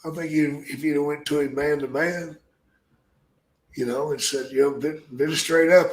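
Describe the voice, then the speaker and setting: A man, a retired pro wrestler, telling gruff, profanity-laced stories in casual podcast chat. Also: on the high side, steady tone, normal speed, roomy sound. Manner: gruff, profane, rambling anecdotes.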